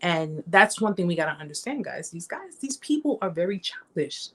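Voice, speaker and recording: A woman's voice: sing-song, normal speed, fairly bright tone, breathy edge. A woman hosting a live-stream chat, talking conversationally and emphatically, repeating herself and acting out the stories she tells. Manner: reenacts stories with raised pitch. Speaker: host.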